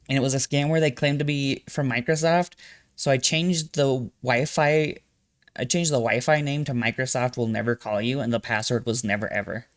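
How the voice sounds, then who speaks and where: A young man streaming, reacting to a video with profane, animated storytelling that jumps suddenly loud. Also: mid-range voice, moderate pace. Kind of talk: casual live-stream commentary.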